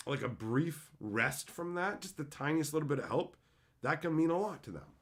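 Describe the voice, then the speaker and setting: Speaking a little fast in a fairly high voice, this male streamer and entertainer banters with his livestream viewers. He's animated, curses freely, and laughs a lot.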